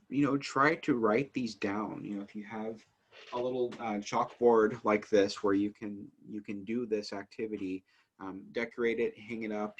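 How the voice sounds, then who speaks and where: With a fairly low voice that has a breathy edge, a family life instructor talks casually to camera, keen and earnest as he deliberately slows himself down. His growing energy brings on many fillers and false starts.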